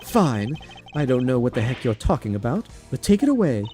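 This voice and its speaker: A man's voice: medium pitch, very animated, a little fast, dark tone, faint music behind, natural voice. A man voicing a brash, sarcastic young thief in a game. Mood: cocky. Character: cocky young male thief, mocking. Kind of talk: voicing game dialogue on a stream.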